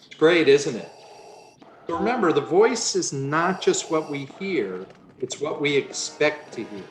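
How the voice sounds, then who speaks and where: A man's voice: on the high side, big pitch swings, measured pace, roomy sound. A man giving a conference lecture on the voice, now and then changing his own voice to show a point.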